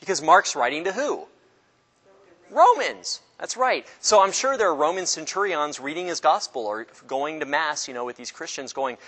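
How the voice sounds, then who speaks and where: Bright-voiced male Bible teacher, echoing hall. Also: fairly high pitch, expressive, a little slow. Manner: chatty, joking, acts out voices. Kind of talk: casual classroom lecture.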